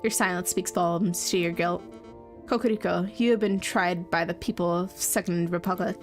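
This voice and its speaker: A woman voicing a vengeful young rebel woman in a game, accusing and intense, with soft music behind. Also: on the low side, steady tone, moderate pace, close to an everyday voice. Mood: bitter.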